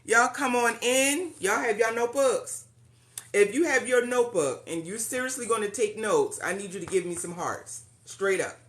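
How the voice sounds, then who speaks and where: A woman's voice: mid-range voice, expressive, normal speed. A woman hosting a live-stream meeting, chatty and welcoming, greeting viewers by name and saying "y'all.". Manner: uses Southern-style "y'all".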